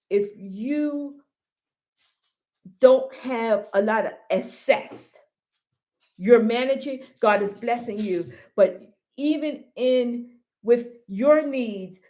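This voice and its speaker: A woman's voice: a little high, dark tone. A woman hosting a casual live stream. She talks to her viewers in a heartfelt, grateful way, repeating her phrases and calling them baby and y'all.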